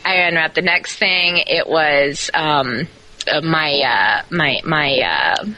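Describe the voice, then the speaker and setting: A woman's voice: low voice, slow pace, rough recording. A woman on a podcast telling a story in casual chat, laughing often and acting out her own outbursts. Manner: laughs often, animated retelling with quoted outbursts. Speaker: podcast co-host.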